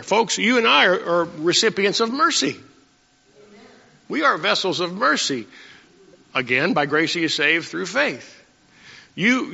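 A man preaching a sermon in a folksy manner, his voice high-pitched and gravelly with a bright edge. He clears his throat often between points. The recording is dull and lo-fi, with a long hall reverb trailing his words.

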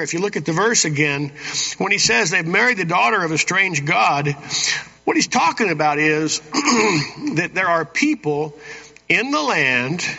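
In a dull, echoing church hall, a male pastor delivers a folksy sermon, reading scripture and dropping frequent "Amen?" asides to the congregation between points. His voice is on the high side, gravelly and bright, with a forceful tone.

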